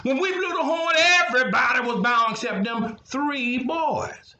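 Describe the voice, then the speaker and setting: A man's voice: extremely high pitch, a little slow, pushed and bright, reverberant, lo-fi sound, voice pushed up, full character voice. An old man doing a jealous tattling court official. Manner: tattling, eager.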